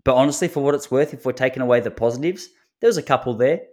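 A man hosts a solo podcast, spinning loose comic stories. His voice sits at an ordinary mid pitch, relaxed and chatty, and he chuckles at his own jokes as he goes. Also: racing. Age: 30s. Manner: laid-back storytelling with chuckles. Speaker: podcast host. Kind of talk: solo comedic podcast monologue.

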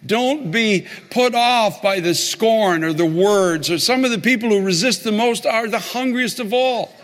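High-voiced pastor preaching in echoing hall. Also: male voice, measured pace. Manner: animated storyteller, repeats phrases for emphasis. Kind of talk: sermon with storytelling. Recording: long hall reverb.

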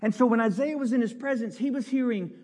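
A pastor preaching a sermon, leading the congregation in call and response with a playful, coaxing manner that builds into loud bursts. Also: male voice, extremely high pitch, quick pace. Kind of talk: sermon with audience participation. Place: large church sanctuary. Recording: long hall reverb.

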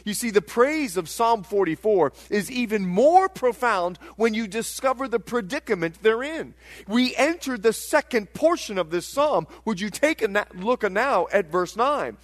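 A middle-aged male pastor preaching a sermon, swinging dramatically between loud cries and hushed tones. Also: sits high, expressive, moderate pace.

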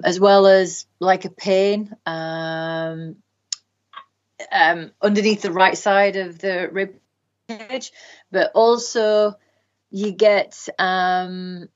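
A woman with a Northern English accent, appearing as a guest practitioner on a podcast, explains health topics in long stretches peppered with ums. Her medium-pitched voice comes through a muffled recording.

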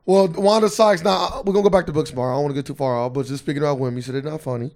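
A man's voice: a little high, very fast, darkish tone. A man co-hosting a casual podcast chat, teasing his partner and prodding him with questions, speaking. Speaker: podcast co-host.

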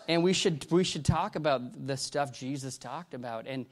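A middle-aged man preaching a personal testimony, halting and rambling with many restarts, swinging between loud bursts and hushed retelling. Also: mid-range voice. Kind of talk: sermon testimony.

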